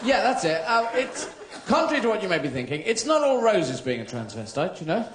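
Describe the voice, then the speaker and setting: A man in his thirties with a British accent, doing live stand-up in a theatre, rambling through surreal tangents with swearing and quick silly voices. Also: high-pitched, huge pitch swings, background noise. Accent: British English. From Britain. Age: 30s. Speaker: stand-up comedian. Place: theatre stage before a live audience. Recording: echoey theatre with loud audience laughter.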